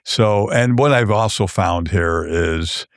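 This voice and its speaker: A man with a very low, deep voice tells meandering stories as a podcast guest. He restarts often and fills the gaps with "uh" and "you know". The studio sound is dry and close. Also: takes it slowly, no room sound. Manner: rambling storyteller, many restarts and fillers. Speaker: author guest. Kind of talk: casual podcast chat.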